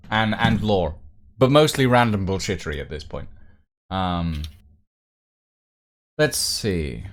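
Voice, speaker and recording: A man hosting a livestream, chatting casually and playfully, rambling and muttering to himself as he writes. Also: mid-range voice. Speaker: livestream host.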